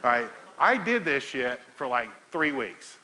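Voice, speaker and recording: A middle-aged man giving a talk to an audience, telling a profane, laughing story in an animated way. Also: mid-range voice, a little slow, background noise. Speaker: powerlifting coach giving a talk.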